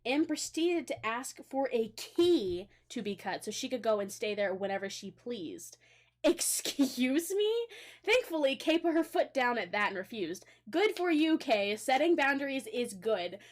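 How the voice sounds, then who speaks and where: A woman hosting a casual stream, reading stories aloud and reacting with animated indignation and swearing. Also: fairly high pitch, normal speed, few pauses.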